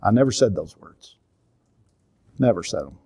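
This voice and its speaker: A man's voice: on the low side, expressive, normal speed, gravelly, warm tone, husky. A man in his sixties with a Southern drawl, teaching a church seminar through earnest, confessional personal stories. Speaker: minister and counselor teaching a seminar.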